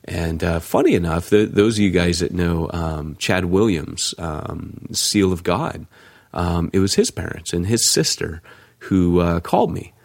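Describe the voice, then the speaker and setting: A man who co-hosts a podcast and pastors a church, telling a story in a casual, animated way with lots of fillers. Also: deep voice, a little slow, gravelly, no echo, clean studio sound.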